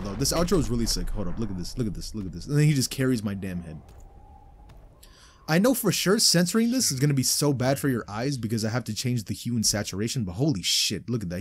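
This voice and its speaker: A young man giving live commentary over a fighting game he is playing, excitable and swearing, swinging from low mutters to loud outbursts. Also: fast, husky. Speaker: gaming channel host.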